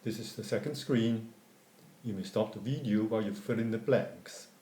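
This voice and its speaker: A man reading an English grammar lesson as scripted narration, going through word forms in a measured, deliberate way. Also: lowish voice, dark tone. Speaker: English teacher. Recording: echoey room.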